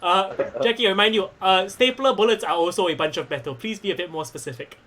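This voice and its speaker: A man's voice: high-pitched, fairly bright tone. A man acting as game master for a tabletop wrestling game, narrating with playful jokes and swearing. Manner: playful, swearing, quick to joke.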